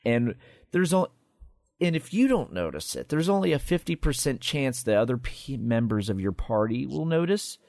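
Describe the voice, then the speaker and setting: A man's voice: medium pitch, normal speed, creaky, no echo, clean studio sound. A man co-hosting a casual chat about a tabletop monster, explaining its rules and stats. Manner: explanatory, lively, reading out game stats. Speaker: co-host of a tabletop game podcast.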